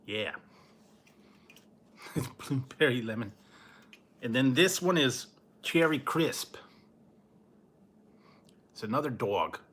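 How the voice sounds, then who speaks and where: A man's voice: medium pitch, lively intonation, slow, pauses often, fairly bright tone, slightly rough. A man reviewing snacks in a laid-back, casual way, chuckling often and trailing off mid-sentence. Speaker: food review vlogger.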